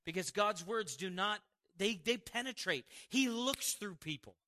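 A man preaching a sermon and telling a personal testimony, animated, with quick asides and frequent laughs. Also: high voice. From Montana, United States.

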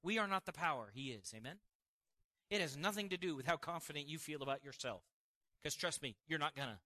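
A man preaching a sermon and telling a personal testimony, animated, with quick asides and frequent laughs. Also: fairly high pitch. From Montana, United States.

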